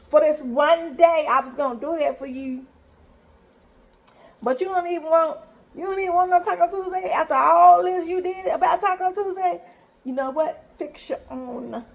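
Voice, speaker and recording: High-voiced, animated storytelling mother. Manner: animated, chatty, emphatic storytelling with repetitions. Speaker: mother telling a story to viewers. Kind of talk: casual storytime vlog.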